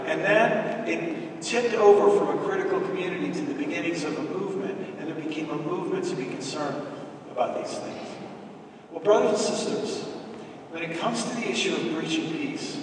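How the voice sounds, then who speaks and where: Earnest man preaching in an echoey hall. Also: high voice. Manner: earnest, storytelling, addresses listeners as brothers and sisters. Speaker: speaker at a church event. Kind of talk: preaching-style talk. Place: large dinner hall. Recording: echoey hall from far off, with noise.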